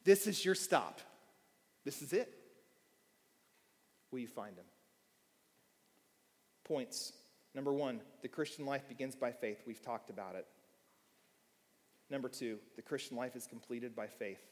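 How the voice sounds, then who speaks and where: Guy preaching a sermon in a church, tells stories, goes quiet then loud, big echoey hall. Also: mid-range voice, animated, unhurried, pauses often. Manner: storytelling, shifting from quiet asides to shouting. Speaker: pastor. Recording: long hall reverb.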